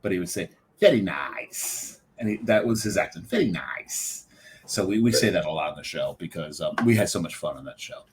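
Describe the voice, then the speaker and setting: A man's voice: low voice, fast talker, few pauses, poor audio. Chatty American man co-hosting a podcast. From United States. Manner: chatty, animated, laughs often. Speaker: podcast co-host. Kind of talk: casual podcast chat.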